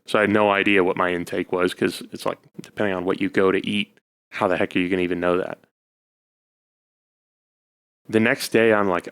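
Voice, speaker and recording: A man with a fairly low voice talks casually on a podcast, rambling through his stories. He is self-deprecating and leans on fillers as he goes. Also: a bit bright. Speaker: podcast co-host, husband. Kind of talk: casual chat.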